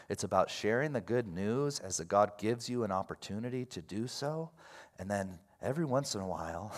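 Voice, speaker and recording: A man preaching a sermon in a casual, animated way, going from quiet asides to loud bursts. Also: lowish voice. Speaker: pastor.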